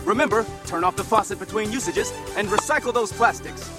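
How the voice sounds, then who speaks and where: A man's voice: sits high, natural voice. An actor playing a preachy, mock-cheerful superhero man in a comedy sketch clip. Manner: brisk, mock-cheerful lecturing. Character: preachy green eco-superhero man, threatening. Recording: music playing loudly behind.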